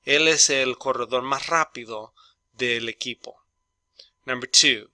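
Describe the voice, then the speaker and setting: Bright, dry-sounding male English teacher. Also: mid-range voice, no room sound. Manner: explains in English with Spanish translations, repeats example sentences slowly. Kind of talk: bilingual grammar lesson.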